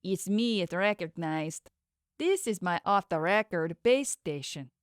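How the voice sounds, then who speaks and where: A woman voicing a steady, secretive young female friend in an audiobook, soothing at times and menacing at others. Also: lowish voice, a little slow, dry recording, clean studio sound. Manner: soothing, then coldly threatening. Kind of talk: audiobook character voice.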